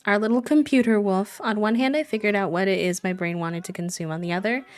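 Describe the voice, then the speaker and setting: A woman's voice: mid-range voice, steady tone, fast talker. A woman live-streaming a game, chatting casually, giggling and cooing fondly at the characters. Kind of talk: casual chat while playing a life-sim game.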